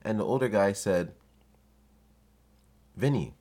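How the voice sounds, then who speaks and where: A young adult man hosting a podcast, telling comic stories in a profane, animated way and acting out the people he quotes. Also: fairly low pitch, slow pace. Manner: profane, animated, acts out quoted voices with laughs. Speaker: podcast host. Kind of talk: comedic storytelling monologue.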